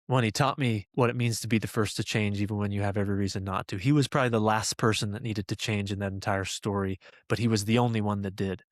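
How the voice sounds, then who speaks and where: In a dry, clean studio recording, a man with a fairly low voice hosts a podcast. He earnestly tells a personal story in conversation, using many fillers as he goes.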